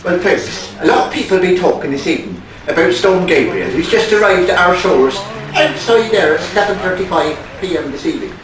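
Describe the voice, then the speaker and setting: A man's voice: high voice, big pitch swings, a little fast, few pauses, a crowd in the background, pitched below the performer's own voice. A man doing a stammering, placating presenter. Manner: hesitant, stammering. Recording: echoey room, mic far off.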